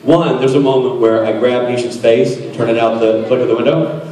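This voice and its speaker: A man's voice: mid-range voice, steady tone, brisk, warm tone, distant mic. A man in his forties telling rambling, self-mocking stories to a convention audience. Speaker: convention panel guest. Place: large convention hall. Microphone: phone recording from the audience. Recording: echoey hall recorded from afar on a phone.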